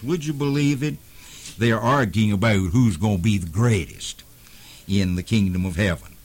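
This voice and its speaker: A man teaching the Bible on a radio program, in a folksy, conversational way with frequent pauses and fillers. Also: lowish voice.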